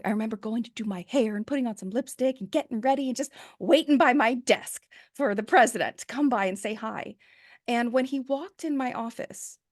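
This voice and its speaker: A woman's voice: a little high, dry recording. Candid woman guest, dry close sound. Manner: candid, animated storyteller. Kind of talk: personal storytelling in an interview.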